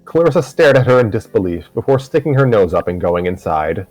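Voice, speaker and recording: A man's voice: on the low side, very animated, a little fast, darkish tone, dry recording, faint music behind. A man reading a story aloud live on stream, narrating steadily with the odd restart. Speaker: story reader.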